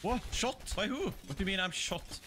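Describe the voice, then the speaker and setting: A man commentating his own gameplay on a live stream, excitable, swearing often and yelping when startled. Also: sits high, moderate pace. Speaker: streamer playing a video game. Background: game music.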